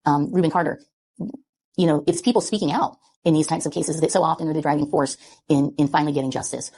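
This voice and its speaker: A woman giving a public statement in an earnest, measured way. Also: deep voice, mellow. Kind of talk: public statement on a court case.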